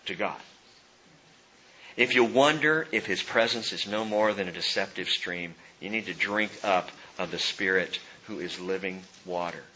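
Man in his forties, pastor, sermon, bright voice, hushed to loud swings, faint background noise. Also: muffled recording. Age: 40s. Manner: swings from hushed, slow emphasis to loud, high exhortation.

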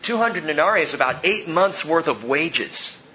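A man preaching a sermon as pastor, animated and joking, acting out the people in the story. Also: on the high side, moderate pace, dull audio.

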